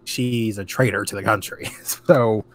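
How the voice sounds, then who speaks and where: A man's voice: fairly low pitch, fairly even intonation, a little slow. A man co-hosting a casual podcast chat, ranting animatedly and swearing freely. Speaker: podcast co-host.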